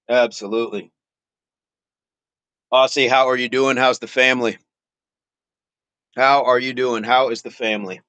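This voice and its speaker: A man's voice: mid-range voice, steady tone, normal speed, pauses often, fairly bright tone, no room sound. A man hosting a casual fitness livestream, chatting playfully with viewers, laughing often and repeating his phrases. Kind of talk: casual livestream chat, reading viewer comments aloud.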